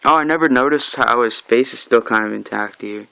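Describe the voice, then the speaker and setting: A man recapping a comic book in casual talk, reading its lines aloud in an animated way. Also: medium pitch, brisk, creaky, clean tone, dry recording, rough recording. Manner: animated, acts out lines with mock shouts.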